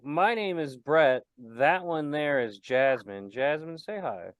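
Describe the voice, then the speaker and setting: A man's voice: on the high side, expressive, takes it slowly, smooth, no room sound. A man co-hosting a podcast, chatting casually, teasing his co-host and rambling through his points with lots of fillers. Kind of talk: casual chat.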